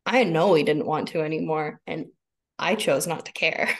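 A woman in her thirties, appearing as a podcast guest, chats casually and expressively in a deep voice at normal speed. She laughs often and acts out her own inner voice.

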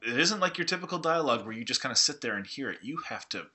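Low bright-toned man explaining earnestly. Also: expressive, quick pace. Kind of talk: casual film discussion.

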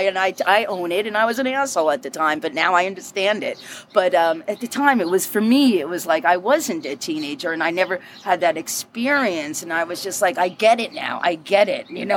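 A middle-aged woman bartender telling her story in an interview, lively and chatty, laughing often and adding quick asides. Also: fairly low pitch, a little hiss or hum. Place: inside a bar.

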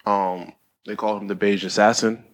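A man hosting a podcast, introducing his co-hosts in quick, jokey banter. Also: lowish voice, level tone. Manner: fast, jokey, laughing a lot. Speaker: podcast host.

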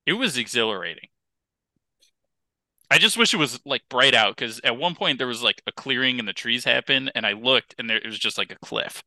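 A man co-hosting a podcast, chatting casually and telling stories in an animated way, with many "like" fillers. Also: mid-range voice, brisk, no room sound. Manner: animated storyteller, lots of "like" fillers. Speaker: podcast co-host. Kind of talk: casual chat.

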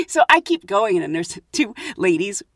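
A woman's voice: medium pitch, very animated, normal speed, fairly bright tone, no echo, studio quality. A woman who hosts a podcast and works as a flight attendant, telling casual stories in a chatty way and laughing between story beats.

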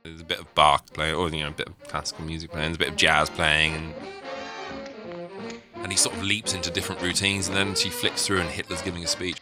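A man's voice: low-pitched, little pitch movement, fast, over music. A man on a video call as a podcast guest, blunt and rambling, laughing as he talks about a film. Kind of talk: casual chat over a video call.

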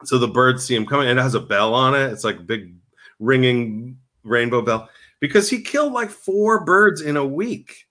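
A man tells animated stories in a casual comedic chat. His voice is bright and jumps widely in pitch. He talks like a podcast co-host. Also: normal speed. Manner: animated storytelling with laughs.

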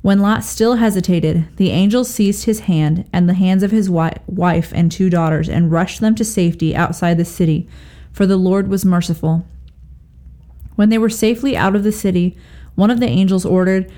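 Female scripture reader with a warm, dark voice and an even, expressive delivery. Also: normal speed. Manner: steady, expressive reading, lifts pitch for quoted speech. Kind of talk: Bible reading.

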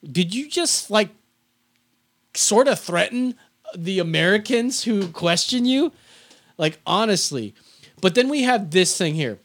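A man hosting a podcast in casual chat, swearing freely and rambling excitedly. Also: high voice, measured pace, long pauses. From Filipino family. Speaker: podcast host.

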